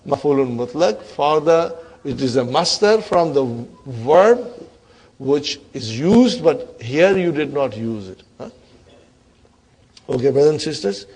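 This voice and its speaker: A man's voice: a little high, very animated, slow, a little mellow, husky. A man teaching an Arabic grammar class, encouraging his students and asking them questions. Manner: encouraging, asks the class questions, repeats words for emphasis. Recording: classroom lecture recording.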